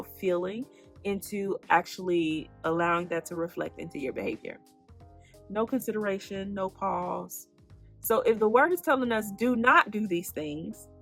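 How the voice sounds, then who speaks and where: On her faith-based self-help podcast, the host teaches with animation, asking the listener questions before supplying the answers herself. Her voice sits mid-range and sounds gravelly.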